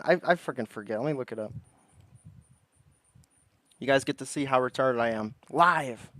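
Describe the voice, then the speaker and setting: A man's voice: mid-range voice, moderate pace, long pauses, no room sound. A man hosting a casual livestream, reading text aloud and chatting loosely with his viewers. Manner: reads lists flatly, then chats loosely with viewers. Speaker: livestream host.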